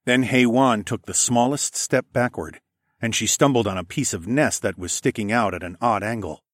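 A man's voice: medium pitch, normal speed, no echo, studio quality. A man narrating a first-person story in a gritty, profane storytelling manner. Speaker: audiobook narrator.

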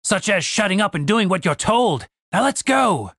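A man's voice: high voice, big pitch swings, normal speed, a bit bright, dry recording, clean studio sound, voice pushed up, heavily acted. A man voicing a cocky, ruthless half-elf fighter who gives curt orders. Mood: sly. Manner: curt, commanding, sly.

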